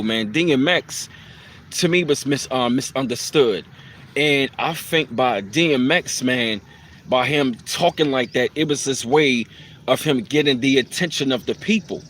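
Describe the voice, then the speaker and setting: A man's voice: mid-range voice, a bit bright, slight background noise. A man hosting a casual live stream, speaking in a loose, reflective way with plenty of fillers and repeated phrases.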